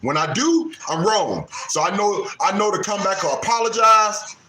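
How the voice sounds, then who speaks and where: On a casual livestream, a man in his late fifties preaches about respecting parents, repeating lines for emphasis in Southern American Black vernacular. His voice sits high and sounds sharp and expressive at a moderate pace. The rough recording has an echoey room and slight background noise.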